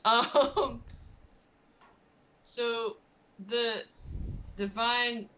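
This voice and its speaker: A woman at a tabletop game session, talking slowly with a bright, forceful tone. She chats casually, giggles a lot and drops the odd swear word as she reads out her notes. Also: on the high side, steady tone. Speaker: player. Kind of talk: casual tabletop play chat.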